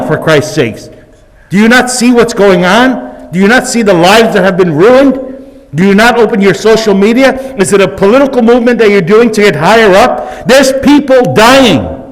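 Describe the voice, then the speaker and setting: A man's voice: fairly high pitch, in a large hall, low-quality recording. Man making an impassioned public comment. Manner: starts quiet and measured, then shouting and accusatory. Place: council chamber.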